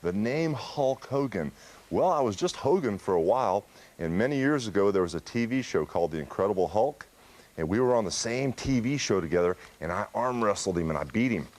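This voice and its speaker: A man with a deep, gravelly voice, a laid-back and jokey celebrity guest in a TV studio. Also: lively intonation, fairly quick, a little mellow. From USA.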